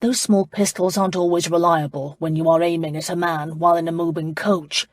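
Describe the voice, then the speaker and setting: A woman's voice: fairly low pitch, steady tone, fairly quick, dry recording, studio quality, close to an everyday voice. A woman narrator voicing an arrogant, impatient young duke who speaks in a commanding, sardonic way. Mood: imperious.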